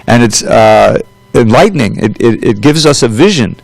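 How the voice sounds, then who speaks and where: A man's voice: mid-range voice, animated, moderate pace, gravelly, dry recording, soft background music, rough recording. A man reading a scripture commentary aloud and then lecturing on it in a loose, conversational way, with frequent asides. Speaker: temple class speaker.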